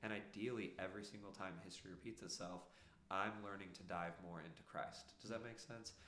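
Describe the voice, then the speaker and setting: A man's voice: low voice, steady tone, brisk, bright, forceful tone, echoey room, slight background noise. A man, a podcast guest telling his story earnestly, rambling with many fillers. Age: 30s. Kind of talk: casual storytelling.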